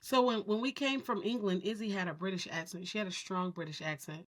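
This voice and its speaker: A woman's voice: mid-range voice, fairly quick. A woman co-hosts a casual podcast in a mid-range voice. She speaks candidly and tells stories with energy. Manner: candid, animated storytelling. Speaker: podcast co-host.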